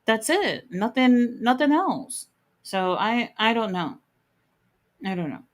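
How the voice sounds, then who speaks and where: A woman's voice: on the high side, takes it slowly. A woman hosting a live wrestling watch-along, chatting casually, reading out chat messages and giving blunt, opinionated takes with the odd curse word.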